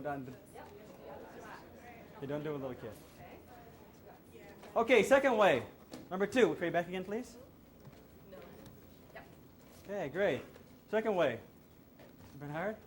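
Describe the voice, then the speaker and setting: A man's voice: high-pitched, a little hiss or hum. A male self-defense instructor coaching a hands-on class with short, repeated commands.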